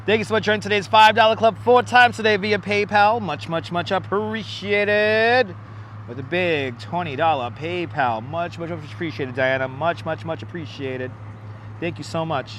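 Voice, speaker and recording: A man with a fairly high voice chats casually while walking outdoors. He thanks viewers and tosses off jokey asides into a wireless clip-on mic. Faint city traffic hums in the background. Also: steady tone, normal speed, a bit bright. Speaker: livestreamer. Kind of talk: casual live vlog chat. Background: traffic and city ambience.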